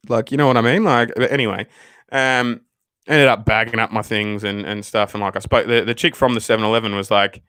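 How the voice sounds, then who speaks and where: A man hosting his channel tells stories in a profane, ranting way during a casual livestream chat. His voice is lowish and steady, brisk, a bit bright and clean in tone. There's no room sound.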